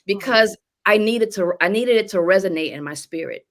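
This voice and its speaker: A middle-aged woman giving a slow, emotional personal testimony on a panel. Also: medium pitch, animated. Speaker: business testimonial speaker.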